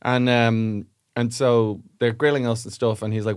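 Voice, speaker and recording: A man co-hosting a comedy podcast, telling a story wryly, with deadpan, self-mocking asides. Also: lowish voice, moderate pace, hardly any pauses, smooth, dry recording, studio quality. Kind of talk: casual chat.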